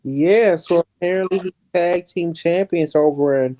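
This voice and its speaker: A man's voice: on the high side, normal speed, warm tone. A man joining a live show by phone, explaining things in an easygoing, rambling way. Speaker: guest panelist. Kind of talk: casual chat over a call.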